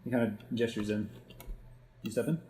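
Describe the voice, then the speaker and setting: A man narrating a tabletop game as game master in a relaxed, improvised way. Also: fairly low pitch, normal speed.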